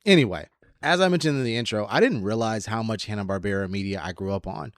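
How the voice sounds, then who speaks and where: A man's voice: lowish voice, fast talker, no room sound. Casual man in his thirties, dry sound. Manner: casual, slightly sardonic, drifts into a radio voice. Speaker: host. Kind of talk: scripted commentary.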